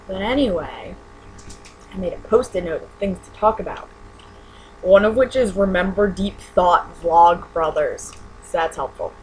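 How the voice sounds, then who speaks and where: A woman's voice: fairly low pitch, a little slow, a little hiss or hum, rough recording. A young adult woman in a casual webcam vlog, rambling and sarcastic, saying "like" a lot. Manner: rambling, sarcastic, heavy use of "like". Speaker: vlogger. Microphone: webcam mic.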